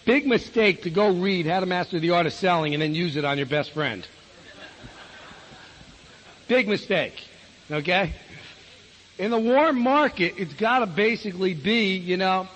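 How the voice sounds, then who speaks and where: Blunt high-voiced man in echoey hall. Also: a bit bright. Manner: blunt, folksy, asks the audience rhetorical questions. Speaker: business opportunity trainer. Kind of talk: live sales training talk. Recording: echoey hall with long reverb.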